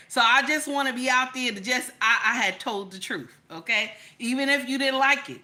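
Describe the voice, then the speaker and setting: Chatty woman with a bright voice. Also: fairly high pitch, normal speed, few pauses. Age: middle-aged. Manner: chatty, greets viewers by name, repeats "okay?" and "baby". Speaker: livestream host. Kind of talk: casual live chat.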